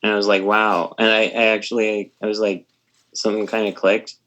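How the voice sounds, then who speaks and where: Halting male student, low voice. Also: little pitch movement, a bit bright. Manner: halting, full of ums and restarts. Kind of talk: speaking up in class.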